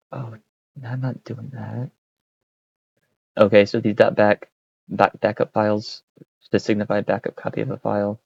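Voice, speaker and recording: A man thinking aloud in a casual, wry, halting way while he codes, speaking close to a desk mic. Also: lowish voice, creaky, darkish tone, lo-fi sound. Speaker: streamer coding on screen.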